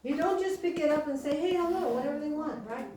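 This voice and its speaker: A woman preaching a sermon, telling stories in a chatty way and slowing down to stress key lines. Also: high-pitched, over music. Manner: chatty storytelling with slow emphatic lines. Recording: echoey hall from far off, faint hiss.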